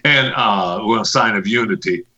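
A man's voice: lowish voice, normal speed, pushed and bright, highs cut off. A man hosting a podcast in a casual, joking way, chatting loosely and fiddling with his mic on air. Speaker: podcast host.

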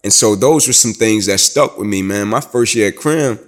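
A man from Atlanta tells his story in an interview. He speaks emphatically, like a preacher, and builds to loud, rising climaxes. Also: lowish voice, moderate pace. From Atlanta, USA. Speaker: guest, former student.

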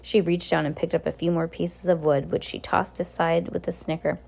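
A woman reading a novel aloud as an audiobook, at a steady pace. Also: fairly low pitch, moderate pace, vocal fry, breathy edge. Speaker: audiobook reader. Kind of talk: audiobook narration.

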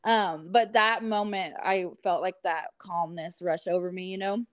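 A woman's voice: on the low side, fairly even intonation, measured pace, no echo. Chatty woman telling a story, dry sound. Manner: chatty storytelling, many fillers. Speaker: podcast guest. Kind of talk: casual chat.

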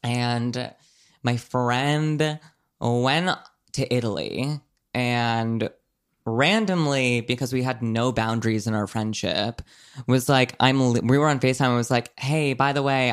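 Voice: mid-range voice, unhurried, smooth. A young adult telling a long story in casual chat, rambling with many fillers and frequent swearing.

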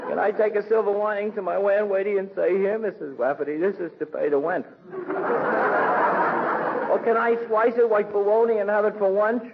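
An actor playing a prim, gloomy former secretary with prissy, overly formal wording in a 1940s radio sitcom. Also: male voice, sits high, fairly even intonation, fairly quick, vocal fry, a loud crowd. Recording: tinny old radio broadcast with faint hiss.

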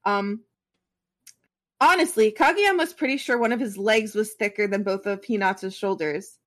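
A woman's voice: medium pitch, normal speed, a bit bright. A woman reading a fan story aloud as a podcast co-host, stopping now and then for casual asides.

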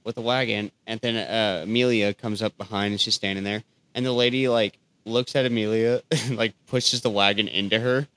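Low smooth-voiced man telling crude stories. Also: steady tone, normal speed, hardly any pauses, fairly bright tone, no echo. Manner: profane storytelling, laughs often. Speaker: podcast co-host. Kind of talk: casual crude chat.

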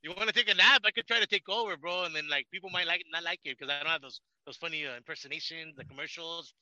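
Man, relaxed podcast chat, high bright voice, frequent laughs and cursing. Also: fast, no echo, lo-fi sound. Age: adult with a child. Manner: laid-back, laughs often, swears a lot. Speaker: podcast guest. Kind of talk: casual chat.

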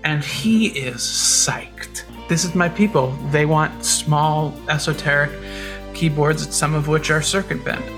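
A woman casually telling a story as a guest, relaxed and acting out quoted voices. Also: deep voice, takes it slowly, over music.

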